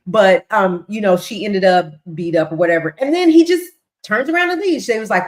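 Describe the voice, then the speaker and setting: A woman hosts a livestream, casually recapping court testimony and acting out the quotes with voiced lines and ad-libs. Her mid-range voice is sing-song, moving at a moderate pace with few pauses. The recording carries a roomy echo.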